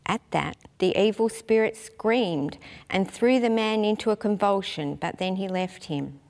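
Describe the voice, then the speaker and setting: A woman reading scripture aloud in a steady, measured way in a church. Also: medium pitch. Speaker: scripture reader. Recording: reverberant church hall.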